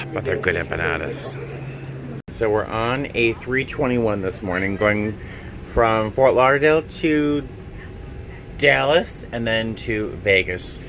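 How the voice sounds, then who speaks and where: A man talking casually to the camera in a travel vlog, chatty and animated. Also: lowish voice, takes it slowly, a little hiss or hum, rough recording. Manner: chatty and animated, softens to a gentle coo with animals. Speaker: vlogger. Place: outdoors on city streets, then airport and aircraft galley.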